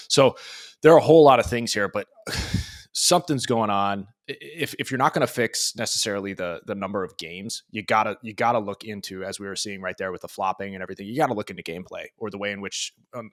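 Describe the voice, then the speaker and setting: A man co-hosting a sports podcast, reasoning his points out loud in a measured, casual way. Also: lowish voice. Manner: thinking aloud, restarts, measured. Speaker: podcast co-host.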